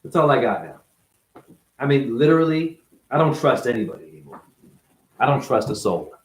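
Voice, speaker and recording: A man's voice: medium pitch, very animated, normal speed, echoey room, a little hiss or hum, rough recording. A man, a former ballet dancer, delivering an unscripted, blunt and profane monologue in his apartment.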